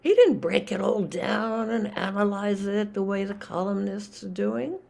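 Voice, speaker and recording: An older woman, a Zen teacher, giving a reflective dharma talk with many pauses and restarts. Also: mid-range voice, vocal fry, a little mellow.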